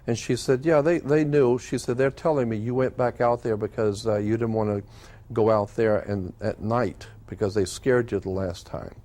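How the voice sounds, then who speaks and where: An older man speaks in a low, mellow voice, recounting a personal experience as a guest in an interview. He talks earnestly and haltingly, with many fillers and restarts. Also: fairly even intonation. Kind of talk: storytelling in an interview.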